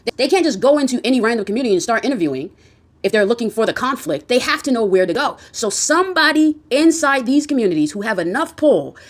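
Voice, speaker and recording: A woman's voice: fairly high pitch, very animated, fast talker. A woman giving ranting social commentary, blunt and heavily profane, firing off heated rhetorical questions.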